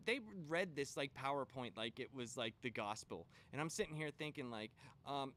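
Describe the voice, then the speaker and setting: A man hosting a comic book channel, telling a long story in a casual, animated way and swearing when he gets worked up. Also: fairly high pitch, normal speed.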